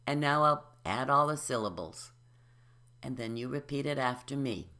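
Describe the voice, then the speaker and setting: A speech teacher explaining dropped syllables and modeling words and sentences slowly for the listener to repeat. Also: medium pitch, animated, sharp tone. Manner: slow, careful, explanatory, models each word. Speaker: elocution teacher. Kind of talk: slow instructional speech drill.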